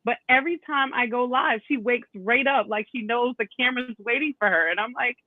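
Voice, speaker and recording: A woman's voice: a little high, brisk, no room sound. A woman guest on a panel podcast, chatting expressively about family moments. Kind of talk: casual storytelling. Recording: tinny phone-like line.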